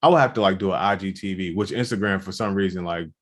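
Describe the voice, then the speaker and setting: Animated low-voiced man, casual chat. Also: fast. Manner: animated, jumps up in pitch when excited. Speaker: podcast co-host.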